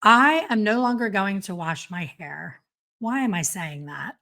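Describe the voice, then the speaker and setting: A middle-aged woman hairstylist hosting a casual solo podcast, chatty and self-deprecating with quick asides. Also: medium pitch, lively intonation, creaky, pushed and bright. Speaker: podcast host and hairstylist educator.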